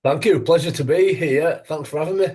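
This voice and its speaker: A man's voice: a little high, brisk, a little mellow, slightly rough. Thoughtful man, interview guest. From Yorkshire, England. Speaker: guest, former rugby league player. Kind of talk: casual interview chat.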